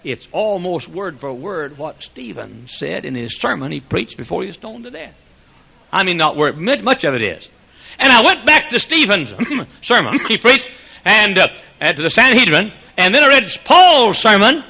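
An older man preaching a sermon, telling folksy stories, chuckling often and rising to loud exclamations. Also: high-pitched, sing-song, normal speed, gravelly, breathy edge. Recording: dull lo-fi sermon recording.

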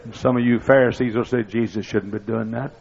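An older man preaching a sermon, telling folksy stories that build up to excited shouting. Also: medium pitch, brisk, vocal fry, a little hiss or hum. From East Texas. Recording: dull lo-fi recording.

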